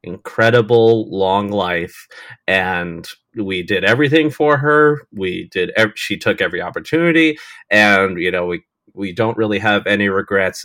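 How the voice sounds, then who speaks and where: A man co-hosting a casual podcast, talking in an earnest, halting way with frequent restarts. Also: sits low, fairly bright tone, no echo, studio quality. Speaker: podcast co-host. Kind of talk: casual chat.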